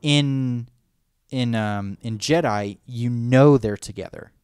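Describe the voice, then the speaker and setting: This podcast co-host has a medium-pitched, slightly mellow, clean voice and a slow pace, heard in a dry recording with clean studio sound. He's a man chatting casually and enthusiastically as a fan, rambling and acting out movie lines.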